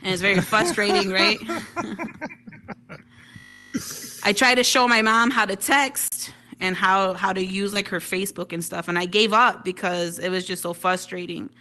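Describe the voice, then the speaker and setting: Woman stand-up comic from Detroit, bright tone, chatty with constant "right?" tags, on a VR headset mic. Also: mid-range voice, moderate pace. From Detroit, United States. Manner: chatty, tags lines with "right?", laughs at own jokes. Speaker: stand-up comedian. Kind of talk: stand-up comedy routine. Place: virtual reality social venue.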